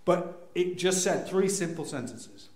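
Animated man telling a funny story. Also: measured pace. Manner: animated, acts out scenes with sudden loud high cries. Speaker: speaker telling a personal story. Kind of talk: humorous storytelling to an audience. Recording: echoey room.

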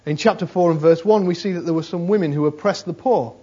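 A man with a voice on the high side preaches a conversational sermon at a quick pace, his tone mellow and slightly rough. He repeats phrases for emphasis and keeps saying "you know." The sermon recording is dull and lo-fi.

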